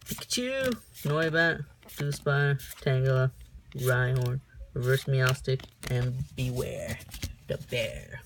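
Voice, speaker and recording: A young man giving casual unboxing commentary, reading off cards in a slow list broken by sudden high whoops, recorded on a camera mic in a room at home. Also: vocal fry, heavy background noise. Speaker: card-opening vlogger.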